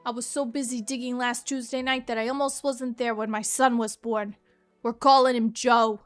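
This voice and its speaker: A down-on-his-luck treasure hunter from the 1930s, reading his own journal in a tough-guy gangster drawl, as a woman puts him on. The voice sits fairly high for a man. Faint game music hums underneath. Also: little pitch movement, moderate pace, lightly acted. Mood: weary, rueful. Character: struggling 1930s male treasure hunter, gruff. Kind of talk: reading a journal aloud in character.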